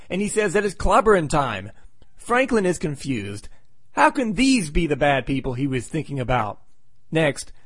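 A man's voice: on the high side, no echo. A man giving a casual recap with wry, sarcastic asides. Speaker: comic book reviewer.

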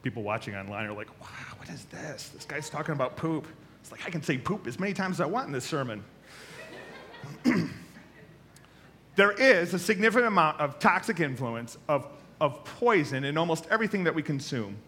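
A man preaching a sermon as a pastor, telling stories with lively acted-out voices. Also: on the high side, a little fast, slight background noise. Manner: animated storytelling, acts out voices.

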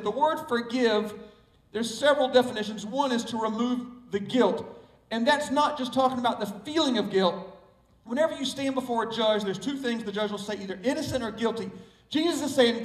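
A man's voice: very high voice, brisk. A man with a Southern US accent preaching a sermon as pastor, stressing and repeating key words. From Southern United States. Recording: echoey room, mic far off.

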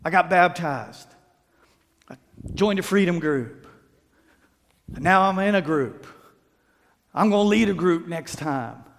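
A man's voice: sits high, takes it slowly, gravelly, long pauses. A man preaching a sermon as pastor, telling stories with acted-out quotes and playful asides. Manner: animated storytelling, acts out quotes, playful asides. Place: church sanctuary. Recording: reverberant sanctuary sound.

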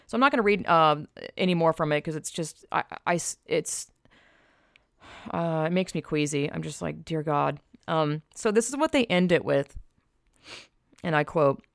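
A woman's voice: sits low, animated, normal speed, gravelly, dry recording, clean studio sound. A woman giving casual spoken commentary, blunt and exasperated, sighing and stopping to restart as she reads aloud.

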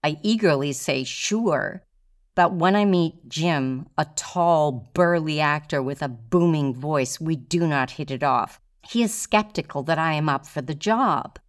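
Low, smooth-voiced woman telling her story. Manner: measured, deliberate, with weighty pauses. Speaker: solo performer telling her own story. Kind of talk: first-person storytelling performance.

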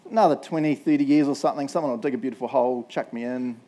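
A middle-aged man with a New Zealand accent, preaching a relaxed, humorous sermon full of anecdotes and frequent "right?" asides. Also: medium pitch, very fast. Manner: chatty, humorous, keeps tagging "right?". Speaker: pastor. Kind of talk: casual sermon storytelling.

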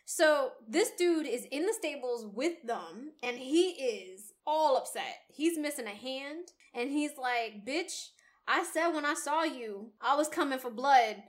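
Animated high-voiced woman recapping a book. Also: a little slow. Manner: animated, laughing, swears freely. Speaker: book club podcast co-host. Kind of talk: casual chat recapping a novel.

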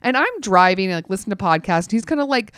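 A woman's voice: mid-range voice, quick pace, no room sound, clean studio sound. Chatty woman telling a wry story. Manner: chatty, animated, many "like" fillers; wry, laughs through the telling. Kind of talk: casual chat storytelling.

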